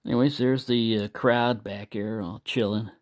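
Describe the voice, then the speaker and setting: A man's voice: lowish voice, fairly even intonation, moderate pace. A man hosting his own channel, talking in a loose, meandering way in a casual monologue. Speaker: knife collector and channel host.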